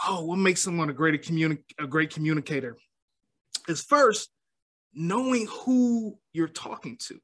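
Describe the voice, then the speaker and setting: A man who is a guest on a podcast, speaking as a motivational speaker in a calm, measured, explanatory way and often checking in with "right?". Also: a little high. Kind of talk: podcast interview.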